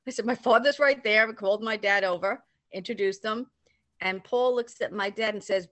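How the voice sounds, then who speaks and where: Older woman, animated storyteller, dry close sound, voices the people she quotes. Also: mid-range voice, normal speed, dry recording. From New York area. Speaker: storyteller recounting a personal memory. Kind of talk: casual anecdote.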